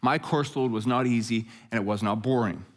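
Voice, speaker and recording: A middle-aged man preaching a conversational sermon as pastor, telling stories with jokes and lively asides. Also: mid-range voice, fairly quick. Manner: jokey, animated storytelling with asides.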